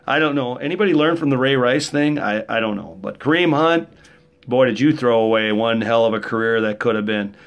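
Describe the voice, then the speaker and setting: A middle-aged man with a medium-pitched voice talks briskly through a casual vlog monologue. He tells rambling, rough-edged stories laced with jokes.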